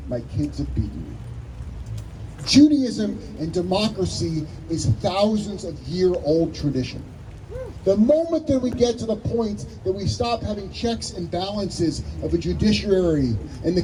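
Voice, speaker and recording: A man, a rabbi, giving an animated speech at an outdoor rally and acting out the voices in a story he tells. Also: high voice, distant mic. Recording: outdoor rally with loud ambient noise.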